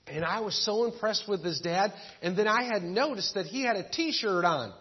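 Male pastor, joking folksy preacher, high voice, recorded dull and echoey in a church hall. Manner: folksy storytelling with jokes. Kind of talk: sermon.

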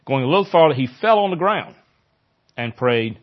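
A male pastor preaching a sermon in a conversational way, growing animated when he quotes scripture. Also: fairly high pitch, normal speed, muffled recording.

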